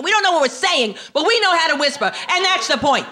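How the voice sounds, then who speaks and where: A woman's voice: high-pitched, animated, fast talker, few pauses, background noise. A middle-aged woman from New York performing a stand-up comedy set on a club stage, with a brassy delivery that keeps slipping into put-on character voices. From New York City.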